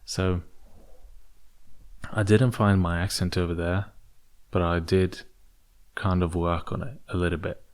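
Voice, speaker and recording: A young man hosting a solo podcast, rambling in a put-on British accent, with many fillers and restarts. English is not his first language. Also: sits low. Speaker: podcast host.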